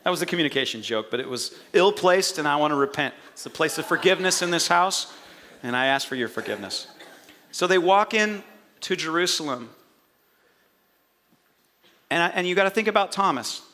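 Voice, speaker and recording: A male pastor preaching a sermon, telling the story with animated energy and jokey asides. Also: a little high, brisk, long pauses.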